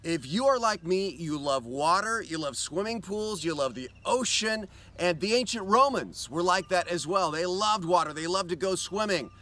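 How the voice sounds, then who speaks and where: A man speaking outdoors on a lakeshore, giving an earnest, inviting devotional talk and slowing down for scripture quotes. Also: high-pitched, expressive, sharp tone. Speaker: pastor.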